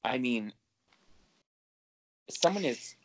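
A man's voice: mid-range voice, animated, extremely slow, dry recording. A man co-hosting a podcast in casual chat, talking freely with lots of swearing and laughter. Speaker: podcast co-host.

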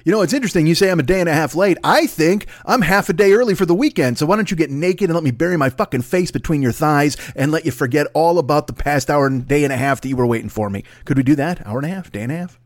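A man hosting his own podcast in a rambling, profane, self-mocking monologue that runs fast and loose. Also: fairly high pitch, dry recording, clean studio sound. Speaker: podcast host.

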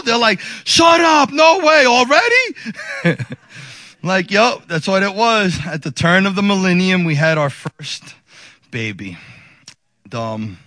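Man in his 40s, pastor, high bright voice, animated storyteller. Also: dry recording, studio quality. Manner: animated, acts out quotes in a raised voice, laughs often. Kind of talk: storytelling sermon.

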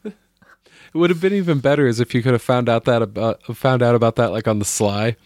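A man's voice: mid-range voice, fast talker, a little mellow, dry recording. Dry-sounding, laughing male podcast host. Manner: laughs often, profane. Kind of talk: casual chat.

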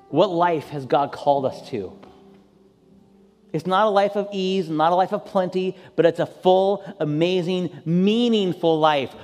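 High-voiced pastor in an echoing hall. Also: male voice. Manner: impassioned prayer, rising high and loud at peaks. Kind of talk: sermon closing and prayer.

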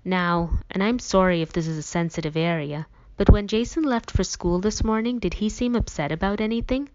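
Polite but patronizing cop guy, woman reading, low voice, lo-fi. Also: brisk, a little mellow, lightly acted. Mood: calm. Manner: professional, condescending. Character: male police officer, kind but condescending. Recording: dull lo-fi recording.

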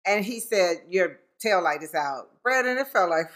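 Woman, co-host, bright tone, animated storyteller. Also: lowish voice, moderate pace. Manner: lively storytelling, animated exclamations. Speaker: podcast co-host. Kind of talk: casual chat.

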